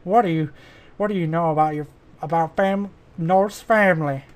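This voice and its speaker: A man's voice: a little high, normal speed, close to an everyday voice. Stern police inspector man, voiced by a man, attempted Scottish accent, formal, probing, mystery game character. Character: stern male police inspector, middle-aged, questioning.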